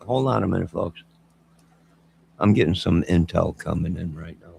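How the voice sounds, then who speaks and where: A man's voice: deep voice, moderate pace, creaky, a little mellow, slight background noise. A man rambling in a mocking, wandering monologue, speaking to someone off to the side. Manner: mocking, wandering, talks to an unseen listener.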